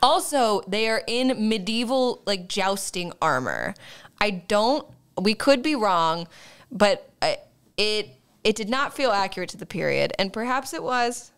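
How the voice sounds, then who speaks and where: A woman's voice: medium pitch, expressive, a little slow, a bit bright, smooth. A young woman co-hosting a podcast, wryly recapping film scenes in casual chat. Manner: wry, recaps scenes with mock quotes. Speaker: podcast co-host.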